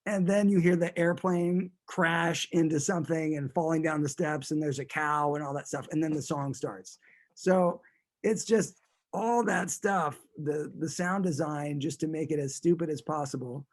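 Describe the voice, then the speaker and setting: Man, interview guest, rambling amused storytelling, slightly high voice. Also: steady tone, normal speed. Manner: rambling, amused, with frequent restarts.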